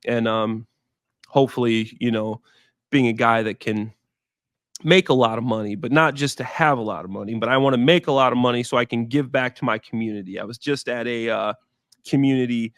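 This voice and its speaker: A man's voice: medium pitch, brisk, fairly bright tone, no room sound, studio quality. A man in his thirties from Chicago, a former football player chatting as an interview guest in a rambling way with lots of fillers. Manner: rambling, filler-heavy, laughs easily. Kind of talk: casual interview.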